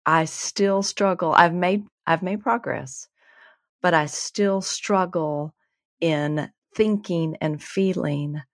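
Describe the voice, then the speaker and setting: A woman's voice: on the low side, slow, no room sound, studio quality. A woman co-hosting a podcast, speaking candidly and reflectively, with a self-deprecating manner. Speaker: podcast co-host. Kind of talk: casual conversation.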